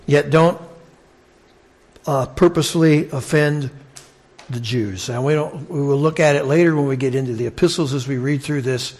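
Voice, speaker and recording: Man, Bible teacher, mid-pitched voice, relaxed conversational delivery, restarts and asides. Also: husky.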